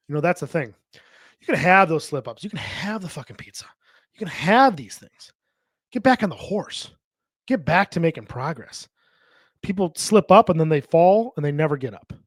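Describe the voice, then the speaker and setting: A man's voice: a little high, dry recording, studio quality. A man hosting a fitness podcast, talking bluntly and profanely in a tough-love motivational monologue into a podcast microphone. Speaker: podcast host and fitness coach.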